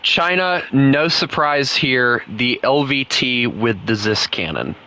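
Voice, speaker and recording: A man's voice: mid-range voice, lively intonation, slow pace, sharp tone. A man with a Southern US accent, chatting casually to his viewers while streaming a game, rambling and thinking aloud. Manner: chatty, rambling, fillers, talks to chat. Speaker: gaming streamer. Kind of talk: casual live commentary.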